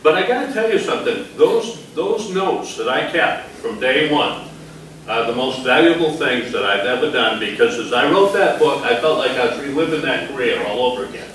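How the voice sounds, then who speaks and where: An older man with a bright, sharp voice, reminiscing in a folksy, chatty way. His voice comes from a distance in an echoing hall, with some faint room noise. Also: mid-range voice, expressive, moderate pace. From Maine. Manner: folksy, conversational. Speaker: retired game warden, guest speaker. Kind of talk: reflective storytelling to an audience. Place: library meeting hall. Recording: echoey hall, mic far off.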